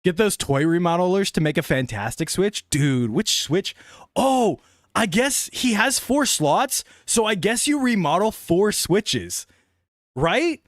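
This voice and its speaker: A young man chatting casually on a live stream, excitable and laughing often. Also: high voice, a little slow, no echo, studio quality.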